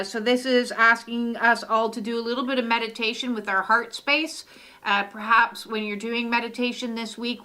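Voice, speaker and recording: Bright-voiced woman reading oracle cards. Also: on the high side. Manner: soothing, with many "uh" fillers. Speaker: oracle card reader. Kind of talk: live oracle card reading. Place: home studio.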